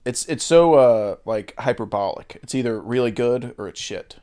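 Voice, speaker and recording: A man's voice: mid-range voice, expressive, moderate pace, dark tone. A man co-hosting a podcast, chatting casually and with strong opinions, swearing now and then and using lots of fillers. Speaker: podcast co-host. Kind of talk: casual film chat.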